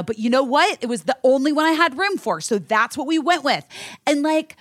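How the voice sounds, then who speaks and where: Higher-voiced podcast lady cursing thru a story, dry close mic sound. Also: dry recording. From United States. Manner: profane, animated storytelling rant. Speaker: podcast host. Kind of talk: casual podcast chat.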